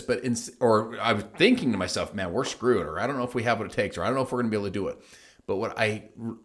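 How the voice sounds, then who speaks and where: A middle-aged man with a lowish voice gives a motivational talk on his own show. He tells his story with emphasis and slips into the voices of the people he quotes. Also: a bit bright. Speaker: host. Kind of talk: motivational monologue.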